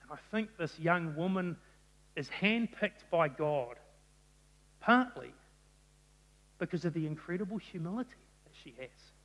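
A man delivers a sermon in an animated storytelling manner, his fairly high voice ringing out in a big reverberant church hall. He sounds like a preacher addressing a congregation. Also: measured pace, pauses often. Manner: animated storytelling, acting out quotes. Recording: long reverb of a large hall.

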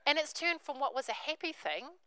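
A woman's voice: high voice, lively intonation, fairly quick, sharp tone, no room sound, poor audio. A woman, preaching a sermon, telling a story and acting out the characters' voices.

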